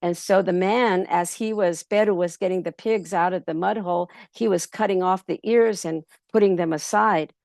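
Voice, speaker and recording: A woman storyteller at a festival workshop who tells a folk tale in an easy, rambling way, with many pauses. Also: fairly low pitch, creaky, dry recording, studio quality. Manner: relaxed, many ums and restarts.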